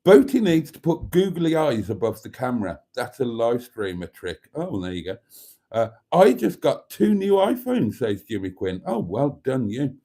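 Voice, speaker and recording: Live stream host, male, camp and self-mocking, warm mellow tone, very lively pitch, phone mic. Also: normal speed, husky. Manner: theatrical, self-mocking, calls viewers darlings. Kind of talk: casual live stream chat reading viewer comments. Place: at a table indoors. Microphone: phone camera.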